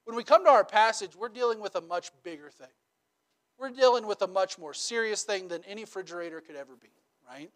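High-voiced chatty preaching man. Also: quick pace. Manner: conversational, checks in with rhetorical questions; animated storytelling with humor. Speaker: pastor. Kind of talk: sermon.

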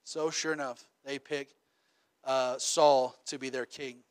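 A mid-range, clean-toned male voice moves slowly through a relaxed, conversational sermon. The pastor often checks in by asking "right?" and tells stories with animation and humor.

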